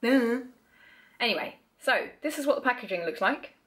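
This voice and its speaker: A woman's voice: on the high side, expressive, moderate pace, a bit bright. Young woman, casual beauty vlogger, chatty and blunt, swears a lot, self-mocking. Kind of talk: casual product review.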